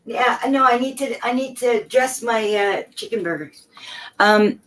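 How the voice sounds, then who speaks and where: A woman's voice: fairly high pitch, a little slow, fairly bright tone. Flustered joking woman in her fifties. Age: 50s. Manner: joking, easily flustered, stumbling restarts. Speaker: friend in a group chat. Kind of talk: casual chat.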